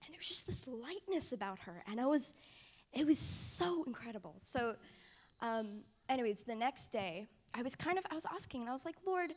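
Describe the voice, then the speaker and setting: A young woman telling a personal faith testimony in a soft, casual way, often sinking to a near whisper. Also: on the high side, animated, normal speed. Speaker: mission trip participant sharing testimony.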